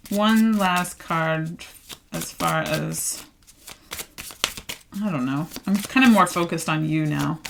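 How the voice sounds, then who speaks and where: A woman's voice: on the low side, creaky, background noise. A woman giving a casual tarot card reading, chatty and emphatic, full of fillers, getting worked up as she talks. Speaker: tarot reader.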